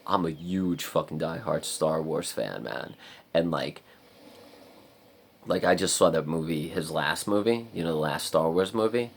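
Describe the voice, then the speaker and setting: Low gravelly guy vlogging, rambly, says like a lot and swears constantly. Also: unhurried, a little hiss or hum. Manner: rambling, heavy use of "like" and swearing. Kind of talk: casual storytelling vlog.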